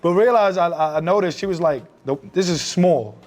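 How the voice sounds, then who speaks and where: A man's voice: high voice, fairly quick, a little mellow. A man chatting as a podcast guest, speaking candidly and reflectively and acting out quoted bits of conversation. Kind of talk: casual chat.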